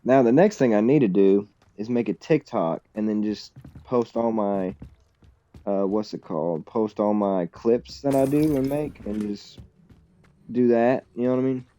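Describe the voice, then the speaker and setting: A man's voice: lowish voice, a little slow, warm tone. A young man streaming a video game live, chatting casually in a loose, profane, rambling way and laughing often. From United States. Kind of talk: casual live-stream chat while gaming.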